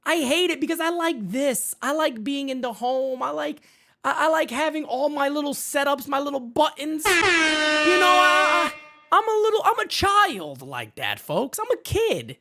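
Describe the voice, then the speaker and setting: A man hosting a baseball fan live stream from his home setup, hyped and shouting out viewers in the chat by name. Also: extremely high pitch, expressive, normal speed, faint music behind. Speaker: baseball fan show host.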